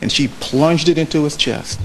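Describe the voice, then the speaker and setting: A man with a slightly high voice, a trial lawyer, delivers a measured closing argument to a jury in a courtroom, repeating phrases for emphasis. The recording is low-quality with a bit of hiss or hum.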